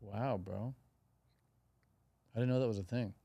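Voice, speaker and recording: A man's voice: fairly low pitch, steady tone, unhurried, gravelly, dark tone, breathy edge, dry recording, lo-fi sound. A young man hosting a casual podcast chat, curious and breezy, full of slang and acted-out example lines. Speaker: podcast host.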